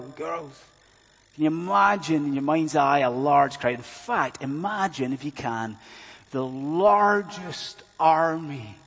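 A man's voice: on the high side, slightly rough. A male preacher delivering an earnest evening sermon, rising to fervent emphasis with rhetorical questions to the congregation. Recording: long reverb of a large hall.

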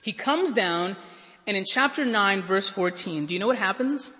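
A man's voice: high-pitched, lively intonation, normal speed, pushed and bright. A man preaching a sermon, earnest and stammering into repeated words, then rising to emphatic peaks. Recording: long reverb of a large hall.

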